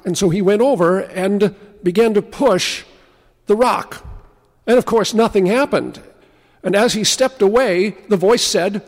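A man preaching a sermon in a notably high voice. He tells stories and slows, dropping to a hush to stress key words. The sound carries a long, spacious reverb. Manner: storytelling preacher, slows and drops to a hush for emphasis. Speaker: pastor.

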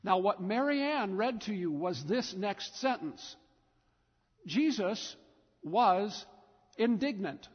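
High-voiced husky male preacher. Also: expressive, slow, pauses often. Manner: emphatic storytelling with repetition. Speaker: pastor. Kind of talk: sermon. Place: church sanctuary. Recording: dull recording with long church reverb.

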